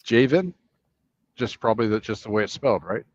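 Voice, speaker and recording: A man co-hosting a trucking livestream, calmly explaining news and reading answers aloud. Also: fairly low pitch, fairly quick, no room sound, highs cut off. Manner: calm, informative, reads answers aloud. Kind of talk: casual livestream chat.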